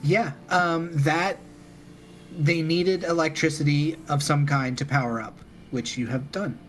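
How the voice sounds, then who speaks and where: A man narrating as dungeon master of a tabletop game in a relaxed, joking way, laughing often. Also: fairly high pitch, measured pace, soft background music.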